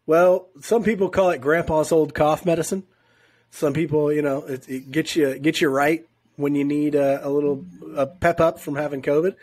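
Husky congested man chatting casually. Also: fairly high pitch, fairly even intonation, moderate pace, darkish tone, no echo. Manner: laid-back, laughs often, rambling asides. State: congested, sick with covid. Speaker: podcast co-host. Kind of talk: casual sports chat. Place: at home.

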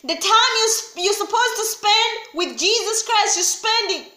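A woman delivers a sermon with a very high voice, driving home each point by repeating it. She moves from loud pleading to low, grave warnings. The recording sounds like an echoey room. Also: animated, normal speed. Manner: emphatic and repetitive, swinging from loud pleading to low grave tones. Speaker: preacher.

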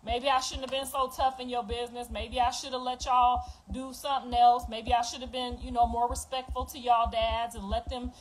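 A middle-aged woman, talking straight to viewers in a raw, profane, confessional monologue that swings from quiet to loud. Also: a little high, flat delivery, fairly quick, hardly any pauses, rough recording. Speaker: mother speaking out.

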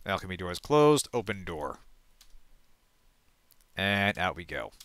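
A man hosting a let's play, reading game text aloud and thinking out loud, often trailing off and correcting himself. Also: sits low, big pitch swings, a little slow, no echo.

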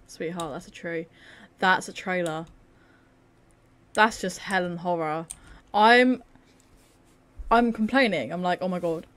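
A woman's voice: lowish voice, unhurried, long pauses, a bit bright, dry recording. A tired young woman giving casual, sarcastic, self-mocking commentary over her gameplay. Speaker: gaming video creator.

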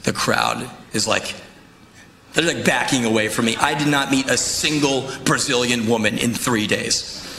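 A man tells stories on stage in an intense, animated voice, swearing freely. His voice sits in a middle range. The sound echoes around a roomy venue, with the crowd audible behind him. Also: medium pitch, moderate pace, a little hiss or hum. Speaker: spoken word performer. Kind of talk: live spoken word storytelling.

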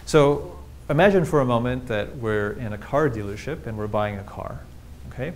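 A man's voice: medium pitch, expressive, moderate pace, slight background noise. A man giving a public linguistics lecture with slides, explaining things plainly and throwing rhetorical questions at the audience.

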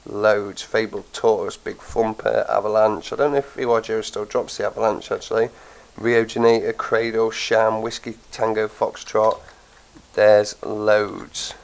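Here the gaming channel host's voice is fairly low, gravelly, and level, moving a little slowly over poor audio. He's tired, has a cold and a blocked nose, and chats casually through his gameplay, thinking aloud with plenty of ums.

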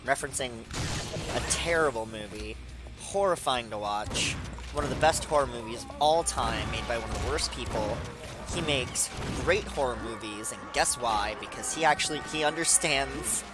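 A man in his thirties who is stoned, giving rambling, digressive gameplay commentary with excited outbursts. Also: mid-range voice, moderate pace. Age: 30s. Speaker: video game streamer. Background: game music.

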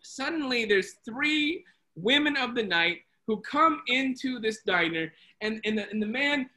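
A Bible study leader tells a long story on a video call, chatty and animated, often restarting sentences and slipping into character voices. the voice is bright and forward, at a middling pitch. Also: a little slow, rough recording. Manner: lively, chatty retelling with many restarts and voices.

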